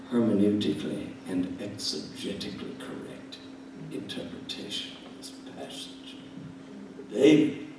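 A middle-aged man, preaching a sermon in a folksy, joking way that swings from quiet asides to loud shouting. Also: a little high, slight background noise. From Alabama. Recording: echoey church hall from far off.

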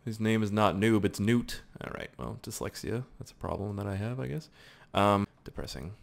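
A young man giving excitable, profane live gameplay commentary with yelling outbursts. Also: on the low side, normal speed, vocal fry. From Canada. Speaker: gaming YouTuber.

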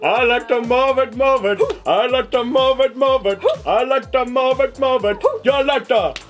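A man's voice: very high voice, normal speed, faint music behind, voice pushed up. A man voicing a flamboyant, party-loving male lemur king. He talks in a showy, bouncy, sing-song way.

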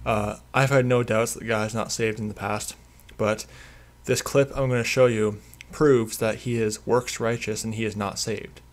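A man's voice: lowish voice, fairly even intonation, moderate pace. A man delivering a preachy religious commentary monologue, emphatic and repetitive as he hammers home his points.

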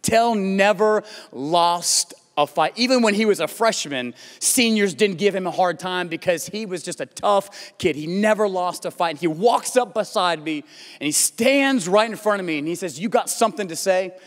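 An American pastor with a notably high voice delivers a sermon, moving from a relaxed story into fervent, pleading passages. His words ring out with the long reverb of a large church hall. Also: moderate pace. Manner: storytelling preacher, rising to impassioned pleas. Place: church auditorium.

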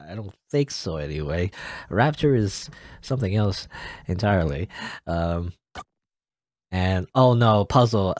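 A man's voice: medium pitch, no room sound, clean studio sound. A man giving casual, musing commentary while playing a game, unsure and joking. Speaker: let's play gamer.

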